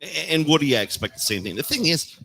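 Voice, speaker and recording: A man guesting as a sports reporter on a live radio show from a bar, talking in a lively way. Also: a little high, quick pace, creaky. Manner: lively, expressive delivery. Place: bar, live remote broadcast.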